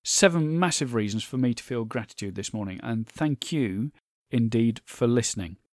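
A man hosts his podcast alone, talking in an earnest, grateful way and wandering into chatty asides. His voice is lively and goes up and down a lot. The sound is dry and close, with no room around it. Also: medium pitch, moderate pace, no room sound. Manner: earnest, thankful, reads listener reviews aloud; stumbles over names, chatty asides. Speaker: podcast host. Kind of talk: solo podcast monologue.

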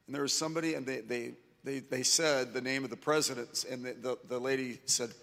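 A man's voice: mid-range voice, steady tone, a little fast, creaky, a bit bright. Man, pastor, conversational sermon, repeats words, church with long reverb.

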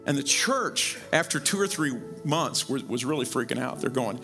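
A middle-aged male pastor from Missouri preaching a sermon in a conversational way, repeating words and jumping up in pitch to stress his points. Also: lively intonation, moderate pace, over music. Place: church sanctuary.

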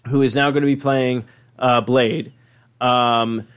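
A man's voice: medium pitch, steady tone, slow pace, clear, resonant tone. A man hosting a casual podcast chat, rambling and goofy. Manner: goofy, rambling, breaks into silly voices. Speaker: podcast host.

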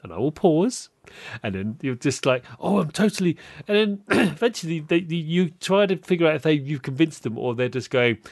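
Animated, laughing male podcast host. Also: fairly high pitch, fairly quick, no room sound, clean studio sound. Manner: animated, laughs often, acts out quoted voices. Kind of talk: casual interview chat.

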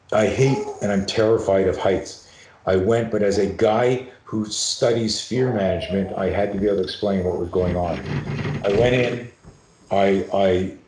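Middle-aged Canadian-raised guest, lowish voice, animated, swearing storyteller, echoey room. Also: male voice, noisy background. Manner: animated, profane, acts out voices in his anecdotes. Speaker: podcast guest, self-defense and fear expert. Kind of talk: storytelling in a podcast conversation.

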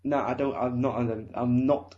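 A man's voice: medium pitch, fairly even intonation, moderate pace, mellow, a little hiss or hum. Scottish man on a dull lo-fi podcast mic. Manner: rambling, self-mocking, swearing. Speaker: podcast co-host. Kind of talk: casual chat. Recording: dull lo-fi sound.

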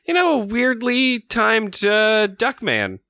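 A man's voice: sits high, wildly swooping pitch, slow, bright, forceful tone, no echo, dull audio. A man co-hosting a casual podcast, tossing in wry jokes and laughing asides. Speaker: podcast co-host. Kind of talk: casual chat.

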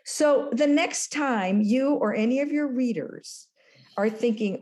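Mellow-voiced older woman telling stories. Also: fairly high pitch, unhurried. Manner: animated storyteller, acts out dialogue. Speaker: guest, former business school lecturer. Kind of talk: storytelling in an interview.

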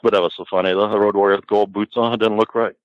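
A man's voice: lowish voice, flat delivery, rapid-fire, no echo, lo-fi sound. A man guest on a podcast, telling rambling anecdotes in a casual way and acting out quotes. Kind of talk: casual storytelling.

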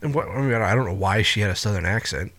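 Man, lowish voice, lively pitch, dry sound, casual podcast chat, swears freely. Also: fast talker, no echo. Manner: loose, incredulous, swears freely. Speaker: podcast co-host. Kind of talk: casual film review chat.

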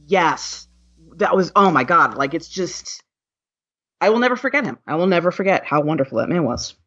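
A woman's voice: fairly low pitch, expressive, moderate pace, a bit bright, husky. A woman who is a podcast guest, talking candidly and earnestly with many restarts. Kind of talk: casual interview chat. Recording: dull, muffled sound.

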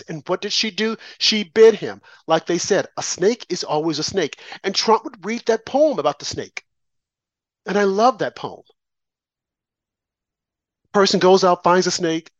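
Combative high-voiced man ranting. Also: no room sound, highs cut off. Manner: combative, preachy, emphatic. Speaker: political commentator. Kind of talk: opinionated political rant.

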